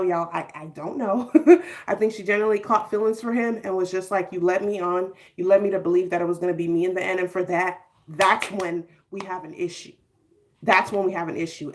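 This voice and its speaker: A woman hosting a live stream, giving casual, animated reaction commentary in slangy speech and talking straight to her chat viewers. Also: on the high side.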